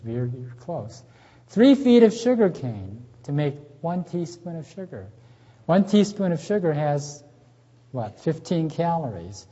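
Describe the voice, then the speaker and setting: A middle-aged man with a warm, fairly high voice hosts a health seminar in a church hall before a live audience. He chats in a folksy way, quizzing people and telling jokes, and the recording is dull, lo-fi and reverberant.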